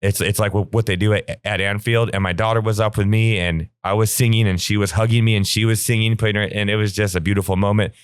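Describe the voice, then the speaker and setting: A man co-hosting a casual podcast, excitable and laughing often, his voice going hoarse. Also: on the low side, quick pace, hardly any pauses, no echo, studio quality. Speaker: podcast co-host. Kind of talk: casual sports chat.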